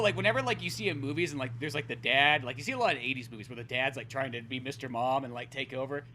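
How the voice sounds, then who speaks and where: A man's voice: mid-range voice, rapid-fire, hardly any pauses, a little hiss or hum. A man co-hosting a podcast, riffing animatedly on an old movie with lots of swearing and laughter. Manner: animated, profane, laughs often. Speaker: podcast co-host. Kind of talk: casual movie discussion.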